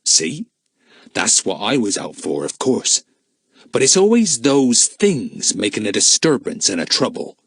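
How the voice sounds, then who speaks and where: A man's voice: fairly low pitch, huge pitch swings, breathy edge, dry recording, clean studio sound, heavily acted. A man doing a cruel, growling brute. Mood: menacing. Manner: growling, slow menacing drawl. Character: threatening burly grown man, cruel and spiteful.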